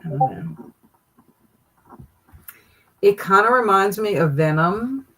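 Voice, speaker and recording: A woman's voice: mid-range voice, expressive, slow, a bit bright, low-quality recording. A woman hosting a casual livestream, reacting with amused, laughing commentary. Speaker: livestream host.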